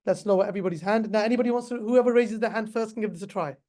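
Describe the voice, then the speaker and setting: A middle-aged man teaches pharmacists in an online webinar, talking straight to his class in a chatty, repetitive way. His voice is high-pitched and warm, and he speaks at a racing pace.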